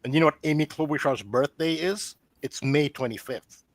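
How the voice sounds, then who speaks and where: A man's voice: a little high, moderate pace, no room sound. A man on an online roundtable, earnestly laying out a theory, often restarting his sentences. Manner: earnest, explanatory, with frequent restarts. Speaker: roundtable guest presenting a theory. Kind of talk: casual online roundtable discussion.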